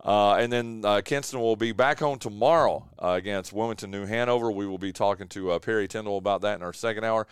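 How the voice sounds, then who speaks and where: Man, sports radio host, casual studio chat, filler-heavy, smooth resonant voice, dry sound. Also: lowish voice, fast talker, hardly any pauses, no echo. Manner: chatty, filler-heavy, says "dude" a lot. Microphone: studio mic.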